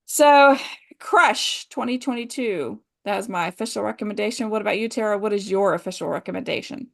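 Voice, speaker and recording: A female podcast co-host chats enthusiastically in a casual conversation, talking a little fast in a medium-pitched, creaky voice. Her speech is full of fillers like "you know" and "like."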